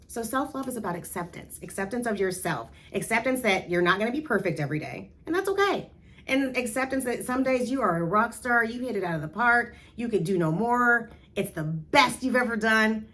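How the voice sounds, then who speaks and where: A woman teaching a self-esteem lesson to young girls, coaxing and animated, and asking her listeners to repeat affirmations aloud. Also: medium pitch. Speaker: youth self-esteem instructor. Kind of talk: encouraging talk to young girls.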